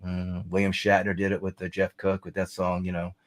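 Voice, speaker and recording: A man's voice: deep voice, completely flat delivery, brisk. A middle-aged man, a songwriter guest, rambling and chatty as he tells stories in a casual interview.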